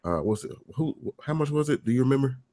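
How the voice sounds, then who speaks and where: A man's voice: mid-range voice, lively intonation, fast talker, warm tone. A man co-hosting a casual gaming podcast, giving blunt, opinionated takes. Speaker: podcast co-host.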